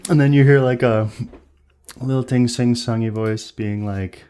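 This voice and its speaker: A man's voice: medium pitch, fairly even intonation, unhurried, warm tone, clear, resonant tone. Playful man running a tabletop game. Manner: playful, teasing. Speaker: game master.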